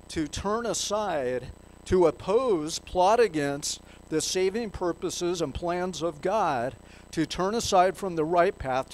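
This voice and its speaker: A man's voice: high-pitched, slight background noise, low-quality recording. A man preaching a sermon in a church, reading scripture aloud and putting questions to the congregation. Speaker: pastor.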